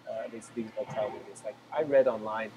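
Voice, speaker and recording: A man's voice: lowish voice, fairly even intonation, noisy background. A man who is a language YouTuber, telling travel stories with enthusiasm in a casual video call chat. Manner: fast, enthusiastic storytelling.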